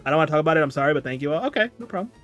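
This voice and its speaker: A man's voice: fairly high pitch, little pitch movement, racing, fairly bright tone, dull audio. Tired, rambling young man streaming. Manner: rambling, chatty, easygoing. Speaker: streamer reading chat. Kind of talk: casual livestream chat. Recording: music playing faintly behind. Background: faint background music.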